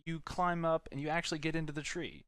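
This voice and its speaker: A man running a tabletop game as game master, talking casually in a halting way. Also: fairly high pitch, steady tone, fairly bright tone, clear, resonant tone, no echo, studio quality. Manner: casual, halting, restarts often.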